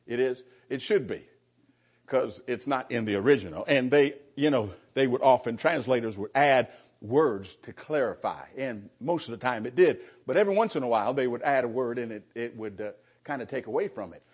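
Male pastor teaching a Bible class, earnest and emphatic, husky, on a dull lo-fi recording. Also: medium pitch, brisk.

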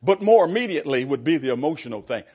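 A man's voice: on the high side, lively intonation, fast, a little mellow, slightly rough, highs cut off. A man, a pastor, teaching a Bible class in an earnest, emphatic way and putting questions to the class.

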